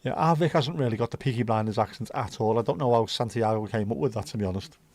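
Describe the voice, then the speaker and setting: Mellow Scouse man chatting on a livestream. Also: medium pitch, fast. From Liverpool, England. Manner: chatty, rambling, swears freely. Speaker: livestream host. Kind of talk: casual livestream chat.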